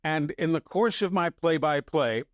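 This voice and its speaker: An older sports broadcaster from the New York area tells stories on a podcast in a casual, animated way, chuckling often and quoting himself. His voice is somewhat high for a man, and he speaks at a measured pace. The recording is close and dry, with no room sound.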